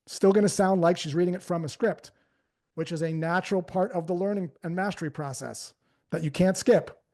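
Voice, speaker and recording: A man coaching a sales team live on stage, energetic and conversational, acting out phrasings as he goes. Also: high-pitched, a little fast. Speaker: sales trainer. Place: on stage before an audience.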